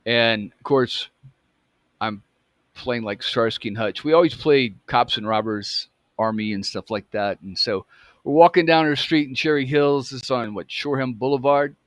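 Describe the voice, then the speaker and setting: A man's voice: mid-range voice, normal speed, dry recording, studio quality. A man in his fifties telling a personal story in a casual, rambling way, often correcting himself. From United States. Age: 50s. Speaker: vlogger.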